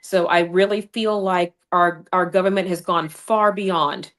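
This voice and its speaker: A woman's voice: on the low side, fairly even intonation, unhurried, a bit bright. A woman running for Congress, a guest on a livestream, telling her story in a fiery, combative way. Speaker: congressional candidate. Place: home studio over streaming video call. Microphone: remote streaming mic.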